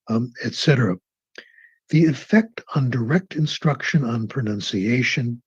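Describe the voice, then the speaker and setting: A man giving a conversational lecture on language learning, telling anecdotes and slowing down for emphasis. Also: medium pitch, slightly rough. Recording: dull muffled lecture recording.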